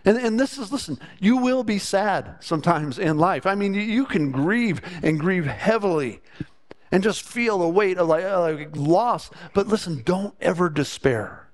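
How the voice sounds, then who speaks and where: A male pastor gives a sermon in his church. His voice sits somewhat high for a man. He talks earnestly and often doubles a word at the start of a phrase. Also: expressive, unhurried. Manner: earnest, repeats words when starting a thought.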